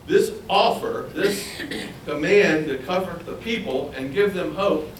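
A man preaching a Bible sermon, animated and acting out the quoted voices. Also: a little slow, a little hiss or hum. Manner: animated, acts out quoted voices in a higher pitch. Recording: echoey room, voice from far off.

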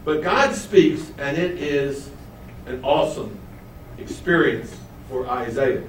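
A man's voice: a little high, slow pace, slight background noise. A man teaching a Bible study lesson, asking his listeners questions and answering them himself. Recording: roomy, mic at a distance.

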